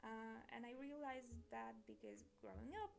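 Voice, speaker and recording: A woman's voice: a little high, wildly swooping pitch, normal speed, gravelly. A young woman from Eastern Europe chatting casually while drawing on stream, rambling, correcting herself and laughing often. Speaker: art streamer.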